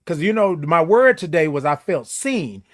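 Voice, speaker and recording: A man's voice: on the high side, very animated, normal speed. A man hosting a casual morning livestream, speaking in an emphatic, preachy way and greeting viewers by name. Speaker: host.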